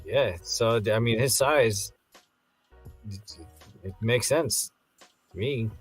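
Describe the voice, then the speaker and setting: Husky dude joking around about a movie, repeats himself, bit of music behind. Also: male voice, medium pitch, slow. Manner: joking, analytical, repeats words. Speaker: podcast co-host. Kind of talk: casual movie review chat.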